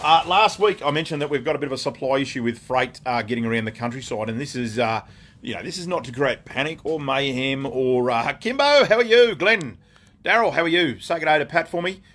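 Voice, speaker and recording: A middle-aged Australian man, easygoing and talkative, hosting a live stream. His voice sits at an ordinary middle pitch. He rambles with plenty of ums and greets viewers by name as he goes. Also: animated, a little fast, fairly bright tone. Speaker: gun shop owner hosting a live stream. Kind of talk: casual live-stream chat.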